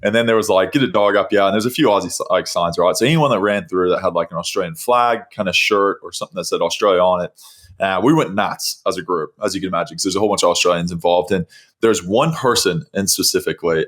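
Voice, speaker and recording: Male podcast host, lower voice, lively storyteller. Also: quick pace. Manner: animated storyteller, laughs often. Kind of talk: casual chat.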